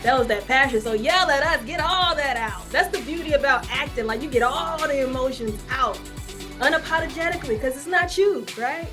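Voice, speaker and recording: A woman's voice: high-pitched, fairly quick, music in the background. A woman acting coach wrapping up an online class in a chatty, upbeat way, repeating her words and laughing easily, on a video call. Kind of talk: casual encouraging wrap-up talk. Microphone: video call microphone.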